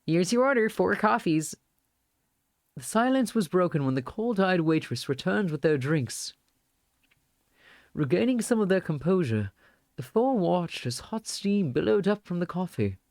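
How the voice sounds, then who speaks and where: Guy streamer reading a visual novel out loud, kinda high voice, dry close sound. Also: very animated, moderate pace, no echo. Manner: storytelling narration mixed with casual asides.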